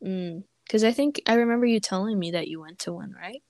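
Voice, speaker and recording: A woman's voice: mid-range voice, fairly quick, darkish tone, no echo. Young woman cohost, chill reflective chatting, dry close sound. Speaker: co-host. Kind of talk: casual chat.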